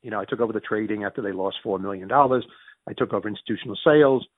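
A middle-aged man with a Northeastern US Yankee accent, telling business stories in an interview with fast, excitable restarts and acted-out dialogue. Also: dry recording. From Northeastern United States. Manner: fast, excitable, restarts sentences, acts out quoted dialogue with big pitch jumps. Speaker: interviewee, former mayor and finance executive. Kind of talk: animated storytelling in conversation. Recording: tinny, phone-like dry sound.

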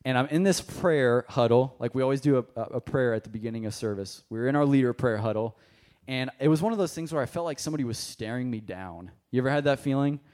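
A young man preaching a sermon, telling a personal story in a casual, animated way and addressing the congregation directly. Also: mid-range voice, quick pace. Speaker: pastor. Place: church service.

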